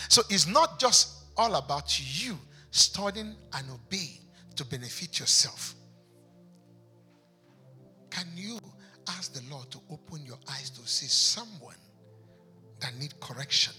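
A man's voice: on the high side, expressive, slow, pauses often, sharp tone, slightly rough, soft background music. A pastor preaching an impassioned sermon in a church, driving his points home with rhetorical questions.

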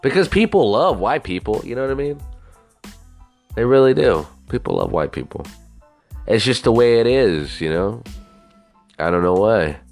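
A man's voice: medium pitch, animated, normal speed, long pauses, darkish tone, faint music behind. A man from the United States in a casual, rambling, profane monologue, often asking whether you know what he means.

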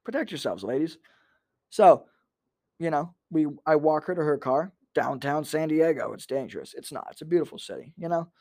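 Young male podcast host, crude comic storyteller, slightly high voice, dry close sound. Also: lively intonation, moderate pace, gravelly, darkish tone, no room sound. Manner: self-deprecating, crude storytelling. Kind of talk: casual comedic storytelling.

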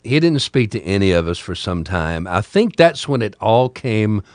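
A man's voice: fairly low pitch, big pitch swings, normal speed, no room sound. An older man, a podcast host with a talk radio past, casually telling a rambling story with repeated words.

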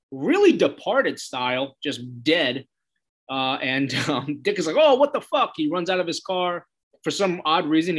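Casual husky man recapping a show. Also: medium pitch, fairly bright tone. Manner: loose storytelling full of "he's like", swearing and fillers. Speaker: episode recapper.

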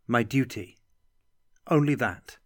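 A man's voice: medium pitch, lively intonation, slow pace, a bit bright, dry recording, studio quality. A man voicing an earnest, defiant young female wizard's apprentice who pleads and defends her master. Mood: earnest pleading.

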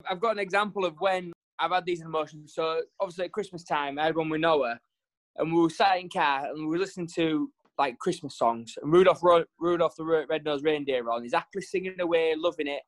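Animated dad chatting. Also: male voice, brisk. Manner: animated storyteller, jumps pitch for quoted voices. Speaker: podcast co-host. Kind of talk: casual chat.

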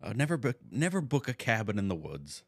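A man's voice: fairly low pitch, very animated, a little fast, dry recording. A man co-hosting a podcast, chatting casually in a blunt, dry way and telling stories with swearing. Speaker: podcast co-host. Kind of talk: casual chat.

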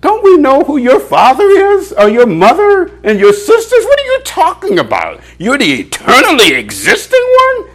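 A jeering crowd of doubting men, put on by a male preacher, blurts out mocking questions. The voice jumps far above a normal speaking pitch and sounds shrill and disbelieving. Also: wildly swooping pitch, normal speed, fairly bright tone, heavily acted. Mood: incredulous.

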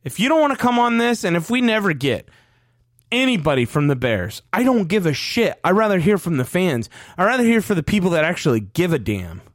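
A man's voice: sits high, very animated, a little fast, dry recording, studio quality. A man in his thirties ranting on a fan sports podcast, profane and heated. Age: 30s. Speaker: podcast co-host.

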